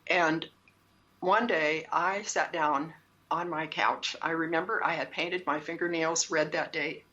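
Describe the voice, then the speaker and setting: A woman speaks as an interview guest, earnest and emphatic, circling back to repeat her points. Her voice sits a little low. The recording is dull and lo-fi. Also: steady tone, a little slow, pushed and bright. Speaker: guest, shaman and spiritual teacher. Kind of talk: personal story in an interview. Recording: dull lo-fi sound.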